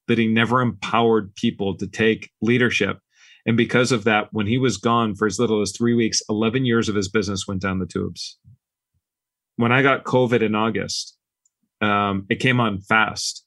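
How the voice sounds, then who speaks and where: A man's voice: fairly low pitch, no echo. A man casually telling stories from running his company, acting out the dialogue as he goes. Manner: relaxed, anecdotal, acts out quoted dialogue. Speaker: business owner guest. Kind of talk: casual podcast storytelling.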